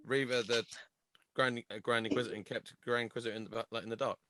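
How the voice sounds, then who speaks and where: A man co-hosting a fan podcast, quickly checking facts and explaining the details. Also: mid-range voice, steady tone, pushed and bright, slight background noise. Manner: fast, fact-checking, explanatory. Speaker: podcast co-host. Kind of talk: casual chat.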